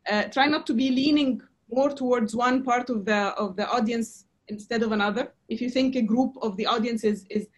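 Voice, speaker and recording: A woman teaching presentation skills in a lecture, talking in a halting way with many fillers and restarts. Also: a little high. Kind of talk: lecture to a class.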